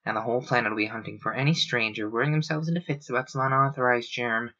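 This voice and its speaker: A wry, kindly man talks low and gently, as a man reading aloud puts him on. His voice has a bright clarity under the softness. The recording is dull and lo-fi. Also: fairly even intonation, quick pace. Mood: urgent.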